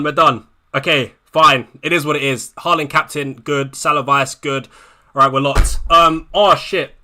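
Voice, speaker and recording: A man's voice: a little high, fairly even intonation, a little slow, pushed and bright, slight background noise. A man streaming live to his viewers, anxious and swearing, repeating himself as he talks things over with chat. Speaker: fantasy football streamer.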